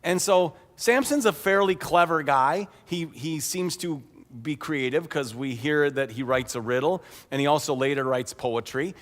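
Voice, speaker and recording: A man's voice: on the high side, normal speed, fairly bright tone. A man preaching a sermon as pastor, retelling a story in a humorous, conversational way. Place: church sanctuary. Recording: echoey church hall.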